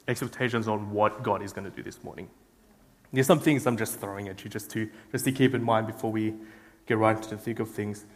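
A young man giving an informal sermon, chatty and self-deprecating, telling a story with lots of fillers and restarts. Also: lowish voice. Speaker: guest preacher. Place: church hall. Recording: long hall reverb.

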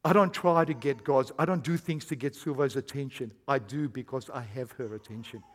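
A man preaching a sermon as pastor, swinging between hushed, intimate lines and loud, emphatic bursts. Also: medium pitch, a little fast, breathy edge. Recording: long hall reverb.

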